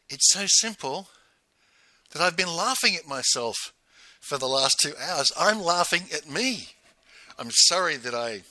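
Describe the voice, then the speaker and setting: A man's voice: fairly high pitch, dry recording. A man hosting his own show, telling a personal story in casual monologue and laughing as he talks. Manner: animated, laughs while telling stories. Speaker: host.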